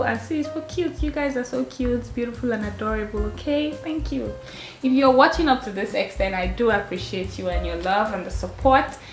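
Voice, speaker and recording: A young mother, gushing and laughing as she chats through a kids' clothing haul at home. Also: on the high side. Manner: chatty and gushing, laughing often. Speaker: mother and vlogger. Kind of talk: casual clothing haul chat. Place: her home. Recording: roomy sound with faint music.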